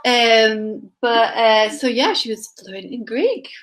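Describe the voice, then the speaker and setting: A woman with a mixed Scottish accent co-hosting a casual chat, talkative and quick to laugh. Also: on the high side, expressive, fairly bright tone, poor audio. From England. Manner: chatty, laughs often, picks up other accents. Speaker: co-host.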